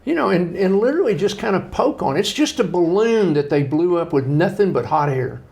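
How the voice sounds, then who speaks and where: A middle-aged man with a high, creaky voice talks fairly quickly as a guest author in a conversational interview. He spins folksy, animated stories and performs the voices of the people he quotes.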